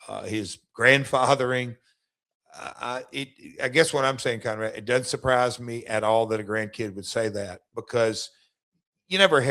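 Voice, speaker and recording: A middle-aged man tells stories on his podcast in a loose, rambling flow. He stammers and restarts his sentences often. His voice sits at an ordinary middle pitch. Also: pushed and bright. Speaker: podcast host, former wrestler. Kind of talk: casual storytelling chat.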